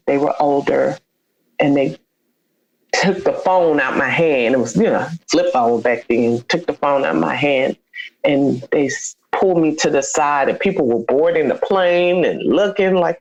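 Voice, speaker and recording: A woman's voice: low-pitched, darkish tone, dull audio. A woman guest in an interview, telling a personal story with feeling and acting out the dialogue she quotes. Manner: heartfelt, acts out quoted dialogue.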